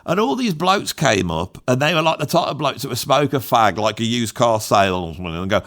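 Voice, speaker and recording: In an unscripted, rambling vlog monologue, this middle-aged English YouTuber and musician mocks himself while talking off the cuff. He's from England, and his mid-range voice is very animated and fairly bright, at a moderate pace.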